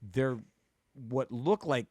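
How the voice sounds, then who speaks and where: A man's voice: mid-range voice, animated, slow, a little mellow, no room sound. A male podcast co-host in casual comedy chat, profane and rambling, breaking off and restarting his sentences. His mid-range voice sounds dry and close.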